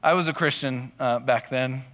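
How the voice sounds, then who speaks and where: A man's voice: mid-range voice, moderate pace, fairly bright tone, in a large hall. A male pastor giving a casual sermon, telling personal stories in a conversational, self-deprecating way.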